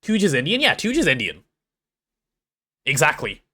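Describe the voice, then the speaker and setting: A young English man casually chatting on a gameplay livestream, reading chat aloud and joking, quick to apologize. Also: fairly high pitch, huge pitch swings, pushed and bright. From England.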